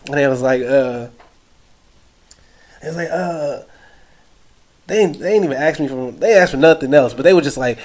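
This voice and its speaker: Slightly high-voiced dude telling stories on a podcast, lots of slang and cussing. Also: male voice, moderate pace, pauses often, darkish tone. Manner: loose storytelling with slang and swearing. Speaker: podcast co-host. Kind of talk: casual chat.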